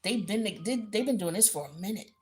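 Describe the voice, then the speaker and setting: A woman giving a blunt, animated tarot reading in a casual, profane, slangy way. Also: mid-range voice, fairly quick. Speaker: tarot reader.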